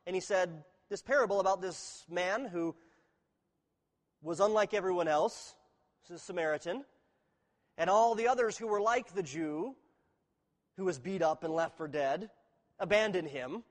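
A man's voice: high voice, normal speed, pauses often. A man preaching an expository sermon, teaching earnestly and reading scripture aloud with emphasis. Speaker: pastor. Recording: reverberant hall.

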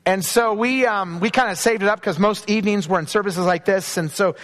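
A man preaching a sermon as pastor, telling a personal story with restarts and slowing down to stress key phrases. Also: high voice, fairly bright tone. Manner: storytelling with repeated restarts and emphatic slow phrases.

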